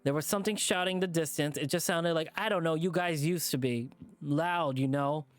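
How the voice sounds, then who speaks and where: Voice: mid-range voice, close to an everyday voice. A visual novel streamer voicing a frightened young male lynx who stammers and breaks down while recalling a trauma. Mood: distraught. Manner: shaky, halting, breaking into sobs.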